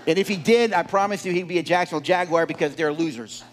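A man preaching a sermon, animated and often asking the congregation questions. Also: a little high, fast talker.

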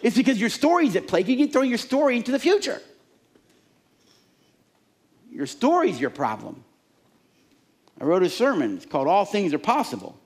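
Animated, high-voiced male preacher. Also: fairly quick. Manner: animated preaching, acts out inner voices and fans. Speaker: pastor. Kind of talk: sermon.

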